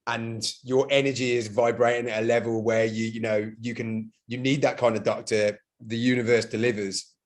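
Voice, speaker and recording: A man's voice: medium pitch, little pitch movement, moderate pace. A man hosting a podcast, answering his guest in casual conversation with short murmured listening sounds. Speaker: podcast host. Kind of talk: casual interview chat.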